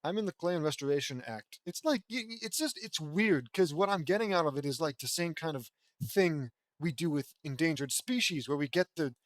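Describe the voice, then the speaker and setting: A man's voice: on the high side, lively intonation, normal speed, no echo, clean studio sound. A man casually reading a fan fiction story aloud, stumbling over words, swearing and breaking off for joking asides.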